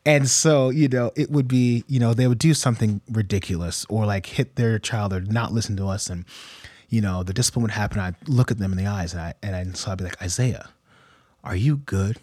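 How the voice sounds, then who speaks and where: A man's voice: fairly low pitch, fairly even intonation, a little mellow. A man in his thirties in casual conversation, stopping and restarting as he tells stories about his kids. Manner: halting, restarts, acts out dialogue with his kids. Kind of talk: casual chat.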